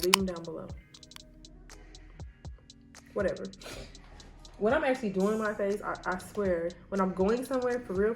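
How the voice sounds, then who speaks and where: A woman of about thirty, a law student chatting candidly to her viewers while doing her makeup at home, rambling and saying y'all. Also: mid-range voice. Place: home, near her bed.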